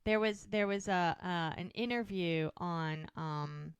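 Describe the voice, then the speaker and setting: A woman's voice: on the low side, slow pace, smooth, no room sound. Chatty woman podcast host recapping scenes. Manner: retells scenes quoting characters, chatty. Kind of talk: casual rewatch podcast recap.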